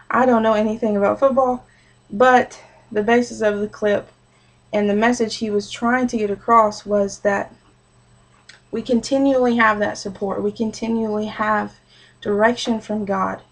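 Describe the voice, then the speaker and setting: A woman's voice: medium pitch, poor audio. A young adult woman giving a short sermon as a personal story, earnest and conversational, with frequent fillers.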